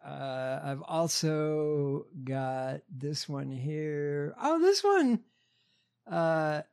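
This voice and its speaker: A man's voice: a little high, lively intonation, extremely slow, vocal fry, a little mellow, smooth. A man hosting a casual show, reading news headlines with many ums and uhs. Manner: hesitant, filler-heavy, reads stiffly. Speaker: podcast host reading headlines. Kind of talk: casual chat, reading news stories aloud.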